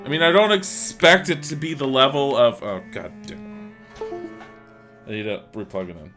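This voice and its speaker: A man live-streaming a video game from his home, chatting casually, rambling and laughing, with bursts of swearing and excitement. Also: medium pitch, a little fast, soft background music. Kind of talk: casual live-stream chat over gameplay.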